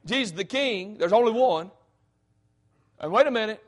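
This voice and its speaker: A man's voice: high-pitched, lively intonation, normal speed. A man preaching a sermon, fervent and folksy, often breaking in with "hey".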